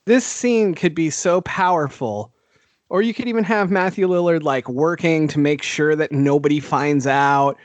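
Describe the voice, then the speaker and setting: A man with a slightly raised pitch, chatting casually about movies on a podcast. He laughs often and swears freely, and his voice comes across dry and close to the mic. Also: moderate pace, no room sound. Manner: laughing, profane, animated. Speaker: podcast co-host. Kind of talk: casual film discussion.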